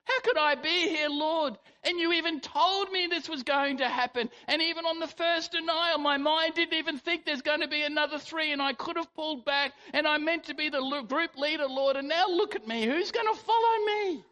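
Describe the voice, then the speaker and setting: Preacher doing a heartbroken disciple praying, bright raised voice, big reverb hall. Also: high-pitched, normal speed, hardly any pauses, voice pushed up. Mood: anguished, pleading. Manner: pleading, self-reproaching prayer. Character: grief-stricken man, a remorseful disciple.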